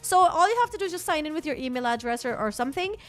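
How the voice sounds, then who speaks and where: A woman's voice: high voice, lively intonation, rapid-fire. A chatty, bubbly woman co-hosting a casual morning radio show, laughing often. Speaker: radio co-host.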